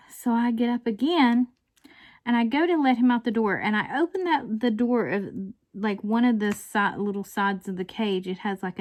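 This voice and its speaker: A woman's voice: fairly high pitch, a little mellow. A woman casually rambling through a story as she works on a craft at home, breaking into chuckles now and then. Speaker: diamond painting vlogger. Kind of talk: casual chat while crafting.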